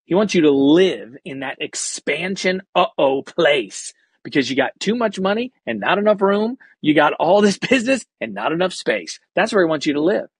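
A man's voice: a little high, normal speed, hardly any pauses, slightly rough, no room sound. A man who is an actor and comedian, telling a story animatedly in casual, slangy talk as a podcast guest. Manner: energetic, acts out quoted voices.

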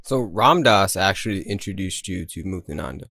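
Low-voiced male podcast host. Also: animated, normal speed, gravelly, sharp tone, no echo. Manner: attentive, affirming listener. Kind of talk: casual interview chat. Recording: dry close sound.

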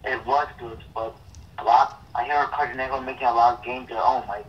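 A young man co-hosting a casual chat, speaking haltingly with repeated words and blunt opinions. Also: mid-range voice, steady tone, far from the mic, muffled recording. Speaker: co-host.

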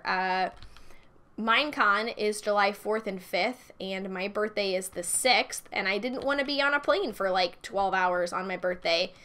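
A young woman talks her way through a game session, bubbly and chatty, speaking to the viewers and to the game as she goes. Her voice is bright and clear, sitting in a middle pitch range. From United States. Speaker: Minecraft let's-play host. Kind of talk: casual gameplay commentary.

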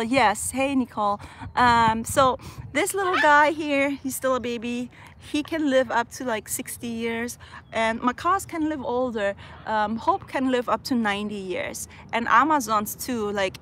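A woman's voice: a little high, a bit bright, a little hiss or hum. Chatty young woman reading viewer comments. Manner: reads comments aloud and answers chattily, laughs often. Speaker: livestream host answering viewer questions. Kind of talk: casual live chat.

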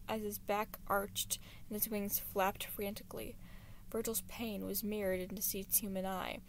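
A woman reading a fan story aloud in an unhurried, expressive way. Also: medium pitch. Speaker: fan-fiction reader. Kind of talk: audiobook-style story reading.

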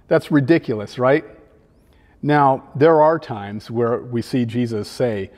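A man, a children's pastor, preaching a sermon in a conversational, gently humorous way. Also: mid-range voice, normal speed, long reverb tail.

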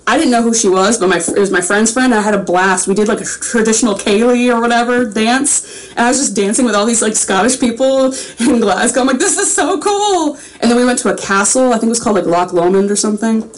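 A woman's voice: on the high side, fast talker, slight background noise, poor audio. A young woman chatting casually on a livestream while signing autographs, rambling and self-aware.

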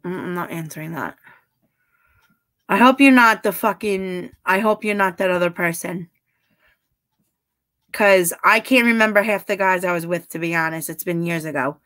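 A woman's voice: on the low side, a bit bright. A woman chatting casually on a live stream, answering her chat bluntly and swearing freely. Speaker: livestreamer reading chat.

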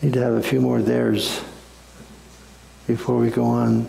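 A man's voice: medium pitch, monotone, a little slow, creaky, mellow, reverberant, long reverb tail, poor audio. A man, a pastor, preaching a sermon and telling a folksy story in a conversational way.

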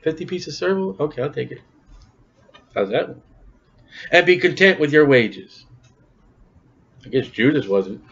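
A man preaches with a folksy, emphatic style and throws questions out to his congregation as he goes. His voice sits fairly high, and the recording sounds dull and lo-fi. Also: animated, measured pace, long pauses, breathy edge. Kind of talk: sermon.

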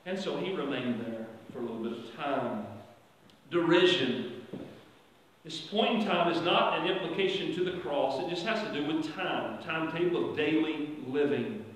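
Male pastor, high and very lively pitch, sermon delivery with sudden loud emphatic stretches, roomy far-off church sound. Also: slight background noise. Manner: preaching with strong swings from quiet to loud, drawn-out emphatic phrases. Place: church sanctuary. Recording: echoey church hall from far off.

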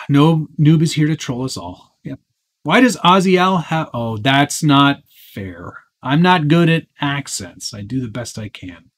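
A man's voice: on the high side, expressive, slow pace, a bit bright, breathy edge. A man hosting a live-stream Q&A, chatting casually and answering viewer questions as they come in.

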